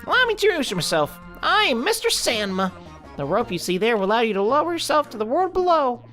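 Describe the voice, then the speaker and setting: A man's voice: very high-pitched, sing-song, quick pace, bright, forceful tone, faint music behind, voice pushed up, exaggerated voice. A man voicing a flamboyant male fish yokai in a game, theatrical and welcoming. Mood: showy.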